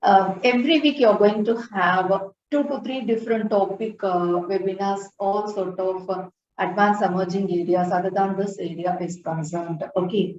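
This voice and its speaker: A woman giving a formal webinar address as a student branch counselor, earnest and encouraging, with many filler pauses. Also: medium pitch, steady tone, darkish tone. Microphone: video call. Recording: roomy, distant, dull lo-fi call audio.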